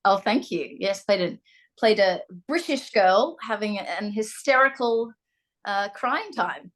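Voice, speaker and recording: A young woman with an Australian accent, chatting as an interview guest and often pausing with ums and restarts. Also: mid-range voice, animated. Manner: hesitant, restarts, frequent ums. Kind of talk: casual interview chat.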